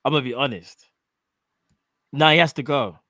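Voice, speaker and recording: A man co-hosting a live fan show, talking in a joking, emphatic, animated way. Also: medium pitch, normal speed, no echo, studio quality. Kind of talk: casual live-stream chat. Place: home studio.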